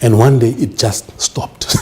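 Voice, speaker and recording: A man's voice: mid-range voice, wildly swooping pitch, takes it slowly, a little mellow. A man giving an emphatic business seminar lecture, often checking that the audience understands. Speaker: business speaker.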